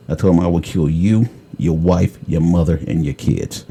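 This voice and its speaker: A man telling a story in casual chat, blunt and tough-talking, often clearing his throat. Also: sits low, brisk, mellow. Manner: blunt, tough-talking, retells calls with quoted dialogue. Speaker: podcast host telling a story.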